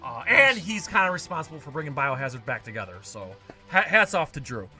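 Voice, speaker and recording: A man from New York State hosting a casual podcast chat, enthusiastic and giving shout-outs. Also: on the high side, big pitch swings, a little fast, soft background music.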